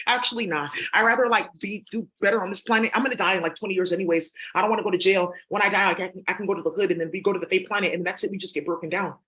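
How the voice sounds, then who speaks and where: A man's voice: high-pitched, fairly even intonation, very fast, hardly any pauses, pushed and bright, poor audio. A man talking to his viewers in a rambling, profane, scattered and conspiratorial way. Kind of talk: rambling casual monologue.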